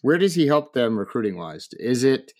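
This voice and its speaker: A man hosting a sports talk show, relaxed and quick to laugh. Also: mid-range voice. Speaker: host. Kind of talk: casual sports chat.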